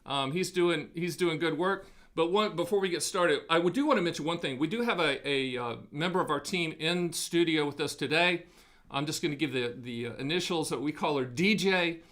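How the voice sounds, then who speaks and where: A man hosts a live studio broadcast, talking in a folksy, punchy salesman's banter. His voice sits high and bright, with a ringing edge. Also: normal speed. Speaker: host of an annuity live event. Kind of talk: energetic sales-education talk.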